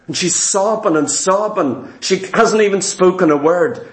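A man preaching a sermon, telling a story in an animated, repetitive way with dramatic slowdowns. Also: sits high, reverberant.

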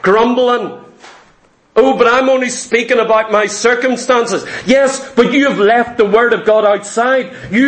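A man preaching a sermon, emphatic and repetitive, acting out the complaints of doubters in quoted asides. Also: very high voice. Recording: echoey room.

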